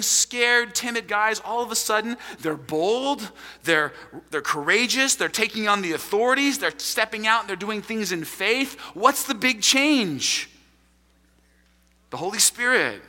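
A man preaching a sermon to a congregation in a large room, animated and emphatic. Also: high voice, in a large hall. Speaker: pastor.

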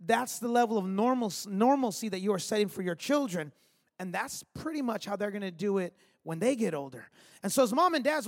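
A man in his thirties, a pastor giving a conversational sermon with storytelling and emphatic asides. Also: high-pitched. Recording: long reverb of a large hall.

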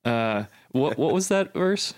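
A man's voice: mid-range voice, lively intonation, takes it slowly. A man hosting a podcast, asking teasing questions and laughing often. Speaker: podcast host. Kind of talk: casual interview.

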